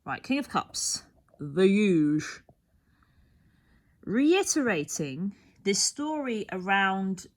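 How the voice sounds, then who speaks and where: A woman's voice: medium pitch, big pitch swings, takes it slowly. A woman talks through a tarot reading with a voice that rises and falls a lot. She rambles and muses, restarts her sentences often, and sometimes sinks almost to a whisper. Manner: rambling, musing, self-interrupting. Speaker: tarot reader.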